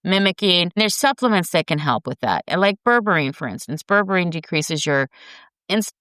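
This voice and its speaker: Woman host, middle-aged, earnest coaching tone, casual health talk, clear voice, dry close sound. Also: lowish voice, lively intonation, moderate pace, a bit bright, no room sound. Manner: earnest, coaching, addresses listeners as guys. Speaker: podcast host.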